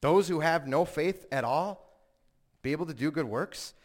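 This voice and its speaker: A man delivers a sermon in an earnest, building way, his voice sitting a little higher than most men's. He tells stories and acts out the quotes, then presses each point home with emphatic peaks. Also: moderate pace. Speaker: preacher.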